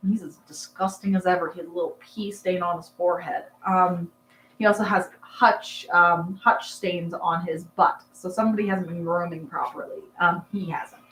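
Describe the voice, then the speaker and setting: A woman's voice: on the low side, fairly even intonation, normal speed, fairly bright tone, roomy sound, a little hiss or hum, low-quality recording. A young woman hosting a casual livestream, chatting and answering comments in a rambling, filler-heavy way. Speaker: livestream host, rabbit breeder. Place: dark barn at night.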